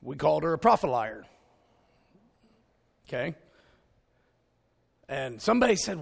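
A man preaching a sermon full of stories and jokes, with an animated, jokey delivery. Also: on the high side, a little slow, creaky, long pauses, breathy edge. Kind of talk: storytelling sermon.

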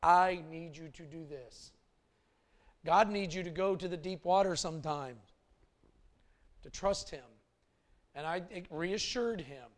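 High-voiced man preaching a story. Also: slow, pauses often. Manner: animated, swings from hushed to loud. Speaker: pastor. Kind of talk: storytelling sermon.

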